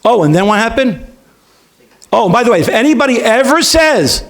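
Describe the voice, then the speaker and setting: A man, a rabbi, talking to yeshiva students in a lively, conversational way, acting out bits of dialogue and checking in with his listeners. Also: extremely high pitch, fairly quick. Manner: lively, acts out dialogue in different voices. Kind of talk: animated talk to a student audience.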